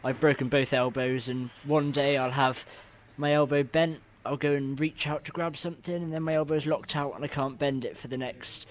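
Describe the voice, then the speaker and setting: A man's voice: medium pitch, fairly even intonation, normal speed, hardly any pauses. A young man from England, talking as a podcast guest in a matter-of-fact, easygoing way. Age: young adult. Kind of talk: casual interview chat.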